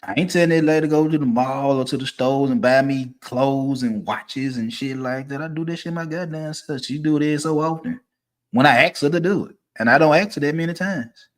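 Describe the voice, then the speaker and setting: Heated ranting man with AAVE. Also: fairly quick. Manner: heated, swinging between low muttering and loud emphatic bursts. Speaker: streamer giving opinions. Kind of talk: casual profane rant.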